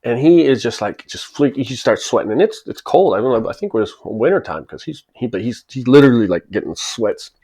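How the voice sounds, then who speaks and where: A man's voice: medium pitch, animated, fairly quick, few pauses, warm tone, slightly rough. A man in his forties who tells a personal story in a casual, chatty way and chuckles and acts out the people in it as he goes. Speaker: channel host telling a personal story. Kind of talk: casual spoken anecdote.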